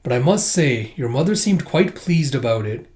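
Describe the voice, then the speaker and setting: A man's voice: mid-range voice, animated, normal speed, a little mellow, natural voice. A man voicing a courteous household butler who speaks formally. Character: polite male household butler.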